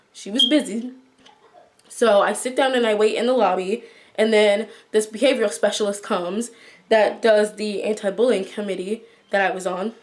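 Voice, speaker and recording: A young woman vlogger chattily retelling a school story, acting out the quotes as she goes. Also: medium pitch. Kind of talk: storytime vlog.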